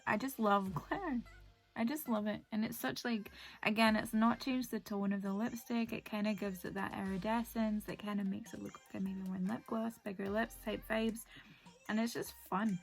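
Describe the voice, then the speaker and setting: A woman's voice: medium pitch, fairly even intonation, moderate pace, gravelly, faint music behind. Chatty young woman vlogging. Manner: chatty, rambling, lots of "like" fillers. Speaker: beauty vlogger. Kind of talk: casual make-up tutorial chat.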